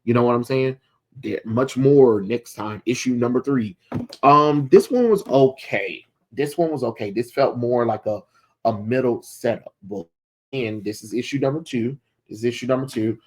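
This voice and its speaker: A man's voice: medium pitch, moderate pace. A man casually retelling a comic book's plot and reviewing it, quoting the characters loosely with lots of fillers.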